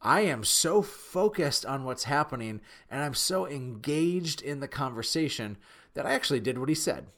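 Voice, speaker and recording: Midwestern man, mid pitch, earnest and animated storyteller with a self-deprecating streak. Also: moderate pace. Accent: Midwestern American. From Fargo, North Dakota. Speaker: speaker telling a personal story. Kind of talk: personal storytelling talk.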